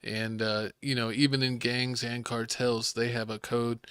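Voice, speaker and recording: A man with a bright, forceful voice hosts a laid-back podcast chat. He was recorded close and dry, with no room sound. He explains things in a relaxed, teasing way. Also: medium pitch, measured pace, clean tone, no room sound. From Mexican-American family. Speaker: podcast host.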